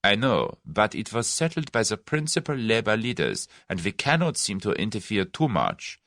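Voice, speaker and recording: A methodical plotter who speaks clearly and slowly, played by a male audiobook narrator. His low voice is precise and cold in a dry, close sound. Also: wildly swooping pitch, fairly bright tone, no echo, full character voice. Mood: measured. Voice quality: clear, measured, deliberate. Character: German conspirator, clear-voiced, confident, methodical man.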